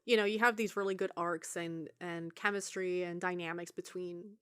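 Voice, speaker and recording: A woman's voice: on the low side, steady tone, moderate pace, fairly bright tone, clear, resonant tone. A woman co-hosting a podcast in a laid-back, casual way, swearing freely and laughing often. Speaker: podcast co-host. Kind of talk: casual chat.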